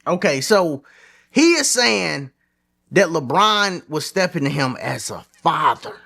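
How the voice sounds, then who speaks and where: A man hosting his own sports commentary channel, giving his opinions in animated, slangy, casual talk. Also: on the high side, takes it slowly, vocal fry.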